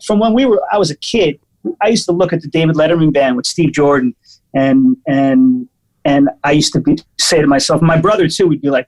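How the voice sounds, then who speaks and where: A man, a guest musician, chatting and telling stories in an animated, casual way. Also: a little high, brisk, low-quality recording. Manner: animated, lots of fillers and restarts. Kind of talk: casual storytelling chat.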